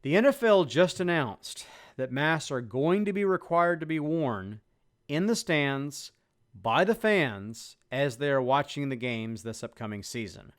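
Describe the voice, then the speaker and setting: A man hosting his own channel, reading a scripted introduction in an earnest, measured way. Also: fairly high pitch, lively intonation. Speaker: YouTube channel host.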